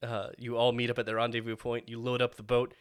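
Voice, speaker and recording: A man's voice: medium pitch, monotone, quick pace, smooth, no echo, studio quality. A man hosting a podcast and running a tabletop game as game master, upbeat and laughing. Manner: upbeat, laughing, wraps up with plugs. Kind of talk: casual tabletop game narration.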